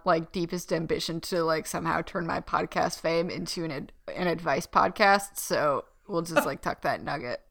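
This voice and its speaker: Giggly, bright-voiced woman podcast host. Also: low-pitched, normal speed, vocal fry, few pauses. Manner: laid-back, giggly, lots of likes and fillers. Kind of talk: casual chat, reading a listener story.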